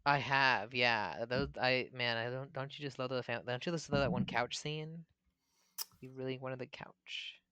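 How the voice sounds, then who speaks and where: A man co-hosting a podcast in casual chat, joking in a dry, deadpan way. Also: mid-range voice, moderate pace, clean tone, dry recording, lo-fi sound. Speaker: podcast co-host.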